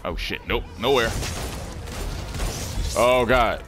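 A man's voice: medium pitch, slow, fairly bright tone, faint music behind. A man hosting a video game playthrough in casual commentary, swearing, joking and laughing often. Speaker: gaming channel host. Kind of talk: casual let's-play commentary.

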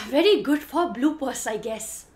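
A young woman vlogger talking fast and giggling through her bloopers. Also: high voice, fairly bright tone. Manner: hyper, giggly, talks fast. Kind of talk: bloopers vlog.

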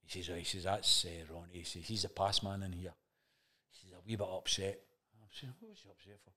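A man's voice: low voice, steady tone, a little fast, bright, forceful tone. A man with a Scottish accent, a chat show guest telling a story in casual conversation, swearing freely and acting out the dialogue he remembers.

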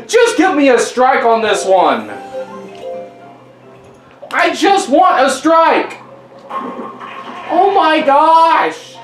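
A young man with a high voice that leaps all over the place, commentating a game at home and getting exasperated with it. He talks slowly, in an echoey room with game music playing underneath. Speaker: gaming YouTuber. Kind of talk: casual gameplay commentary.

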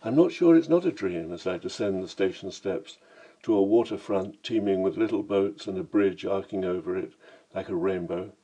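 A man's voice: deep voice, moderate pace, warm tone, husky, dull audio. A man narrating his own travel memoir in a vivid, dramatic storytelling manner.

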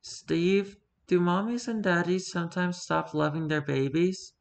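A man voicing a small girl lost at an amusement park, childlike and pleading in a hushed voice. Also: sits high, steady tone, a little slow, gravelly. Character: sweet little girl lost at a theme park.

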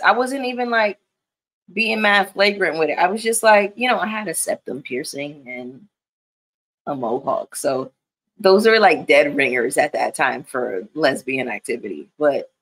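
A woman's voice: lowish voice, fairly bright tone. A woman in her thirties chatting casually and candidly as a commentary vlogger, emphatic and profane. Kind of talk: casual chat.

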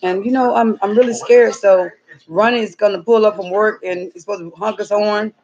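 A woman with a gravelly, fry-heavy voice talks to her viewers outdoors in the cold. Her delivery is dramatic and slangy, and she often shouts out calls. The sound is a dull, muffled, lo-fi phone recording. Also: mid-range voice, fairly even intonation, moderate pace. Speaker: vlogger. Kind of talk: casual outdoor vlog.

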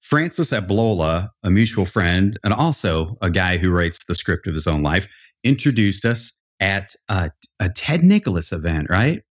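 This man hosts a podcast interview in a relaxed, joking way, drifting into stories and restarting sentences as he goes. His voice sits fairly low, and the sound is a bit dull and lo-fi. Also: normal speed, husky. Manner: jokey, chatty, loose storytelling with restarts. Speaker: podcast host. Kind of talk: casual interview chat.

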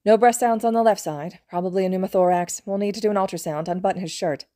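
A woman voicing a calm, authoritative female trauma doctor who gives brisk clinical orders and reassures patients. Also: mid-range voice, no echo, clean studio sound, natural voice. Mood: urgent.

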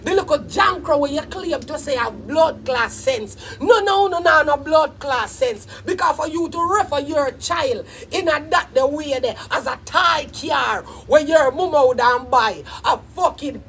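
A Jamaican woman with a very high, piercing voice rants and scolds at full volume. She swears constantly in a comedic tirade. A faint noise sits under the voice. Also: animated, a little slow, few pauses. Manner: shouting, scolding, heavy swearing. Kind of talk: profane comedic rant.

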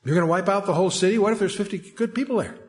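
A man's voice: sits high, racing, faint music behind, voice pushed up, natural voice. A man voicing an old Abraham bargaining with God, in a Yiddish-inflected accent, wheedling.

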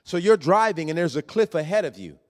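Emphatic preaching man, higher voice. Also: lively intonation, a little fast. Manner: conversational preaching, builds to loud emphatic peaks. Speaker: pastor. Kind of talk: sermon.

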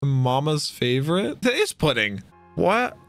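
A young adult hosting an anime reaction video, talking loudly, exclaiming and swearing often. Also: medium pitch, big pitch swings, unhurried, faint music behind. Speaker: anime reaction channel host. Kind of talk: excited reaction commentary.

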